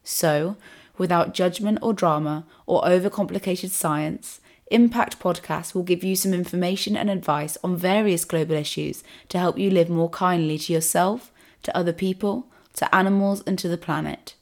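A woman hosting her podcast, croaky from a cold, reading an earnest, upbeat script. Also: lowish voice, moderate pace, a little mellow. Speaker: podcast host.

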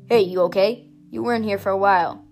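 A woman's voice: medium pitch, fairly even intonation, fast talker, darkish tone, faint music behind, lightly acted. A woman voicing a friendly, joking young male firefighter who banters easily, read in her own voice within a story. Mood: concerned. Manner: teasing, easygoing banter.

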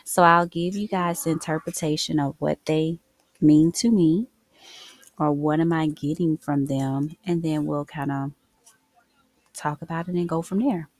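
A woman's voice: deep voice, steady tone, measured pace, dry recording. Heartfelt woman reading oracle cards. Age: adult mother of school-age kids. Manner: open, heartfelt, conversational. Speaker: oracle card reader. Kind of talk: casual spiritual vlog talk.

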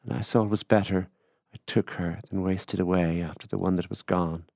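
A man's voice: low-pitched, steady tone, a little fast, gravelly, darkish tone, no echo, studio quality. A man reading as a middle-aged rural widower who confides his story in a plain, musing way.

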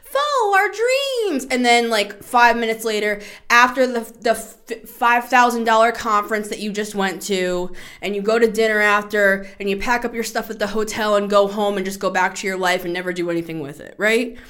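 Woman, 30s, tarot podcast host: animated, chatty, playful, quick to laugh. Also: mid-range voice. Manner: chatty, laughing, swears freely; animated, shifts into playful voices. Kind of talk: casual spoken tarot reading.

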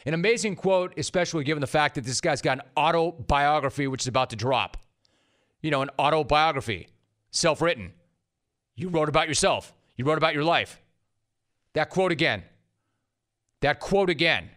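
A man with a somewhat high voice hosts a sports radio show. He is sarcastic and emphatic, and he repeats his punchlines for effect. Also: moderate pace, pauses often, a bit bright. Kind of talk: sports talk monologue.

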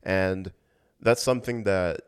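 A man hosting a solo podcast, sincere and earnest, speaking in a relaxed talky way full of fillers. His voice is deep, smooth and resonant. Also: slow. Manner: earnest, sincere, with many "you know" fillers. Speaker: podcast host. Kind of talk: casual solo podcast talk.

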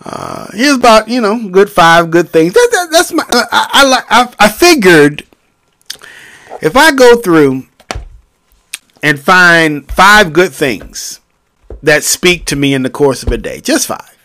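A man hosting a casual solo podcast, rambling and profane, with sudden loud outbursts. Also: sits high, big pitch swings, measured pace, no echo. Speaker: podcast host.

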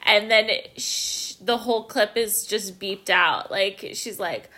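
Bright-voiced, giggly young woman. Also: mid-range voice, slow. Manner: giggly, agreeable, chatty. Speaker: podcast co-host. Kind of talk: casual recap chat. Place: home kitchen while cooking.

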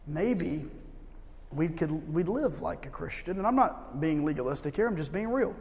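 Brief: male pastor, thirties, raised-pitch preaching that drops to hushed pleas, long gym reverb. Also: animated, moderate pace. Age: 30s. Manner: conversational, swings between loud emphasis and hushed pleading. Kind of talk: sermon. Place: church service held in a gym.

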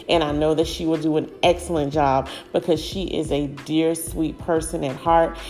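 A woman hosting a casual podcast, giving effusive, gushing shout-outs to family members. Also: fairly low pitch. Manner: warm, effusive, gushing praise. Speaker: podcast host.

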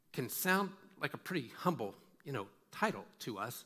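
A man's voice: medium pitch, very animated, normal speed, hardly any pauses, bright, forceful tone. A male pastor preaching a sermon in an emphatic way, repeating words for stress and putting questions straight to his listeners. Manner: asks listeners direct questions.

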